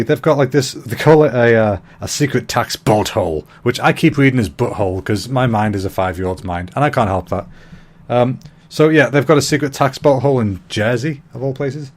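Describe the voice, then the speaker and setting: A man's voice: mid-range voice, darkish tone. A man from Britain hosting a comedy podcast, ranting in a rambling, sweary way and laughing at his own jokes. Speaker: podcast host. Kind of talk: comedic rant monologue.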